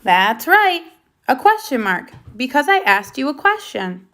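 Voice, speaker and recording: Bright, lively woman teaching first grade. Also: high-pitched, measured pace. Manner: patient, asks questions then confirms answers. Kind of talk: first grade video lesson.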